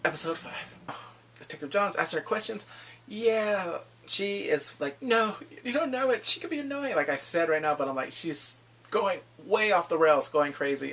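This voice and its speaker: A man casually recapping a drama's plot, animated and acting out his own reactions with whoops and exclamations. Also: a little high, normal speed, creaky, slightly rough, far from the mic. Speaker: drama reviewer.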